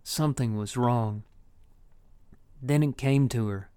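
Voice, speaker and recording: A man reading a story aloud in measured, unhurried audiobook narration. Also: medium pitch, mellow, clean tone.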